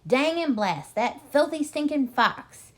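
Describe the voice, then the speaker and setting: Storybook villain farmer, fat and bullying, shouty and raised in pitch; female reader plays him. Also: very animated, normal speed. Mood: angry. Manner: loud, blustering yells.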